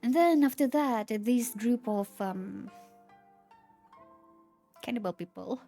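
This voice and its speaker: A young woman streamer chatting casually with her viewers, retelling things in a halting, rambling way with many restarts. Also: fairly high pitch, gravelly, dark tone, faint music behind.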